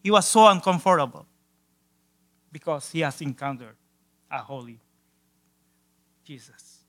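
A man preaching with a high, bright, ringing voice. He swings between near-whispered solemn lines and loud, stretched-out exclamations, and stumbles and repeats words now and then as he goes. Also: expressive. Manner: drawn-out emphatic quotations. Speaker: pastor. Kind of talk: sermon.

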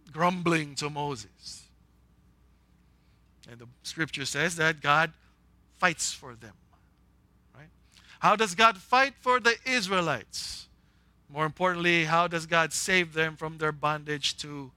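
A male pastor preaching an animated, humorous sermon and acting out quoted voices. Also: high voice, no room sound.

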